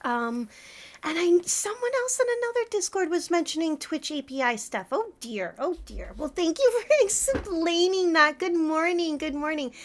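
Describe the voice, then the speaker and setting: A woman's voice: extremely high pitch, very animated, moderate pace, a little hiss or hum. A woman streamer chatting casually with her live audience, flustered and giggling often. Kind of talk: casual livestream chat.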